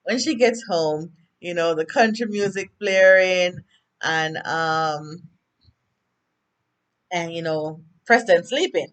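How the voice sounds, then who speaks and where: A woman's voice: lowish voice, takes it slowly. A woman with a Jamaican accent giving a casual, rambling TV episode recap full of fillers and asides to viewers. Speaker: TV recap vlogger.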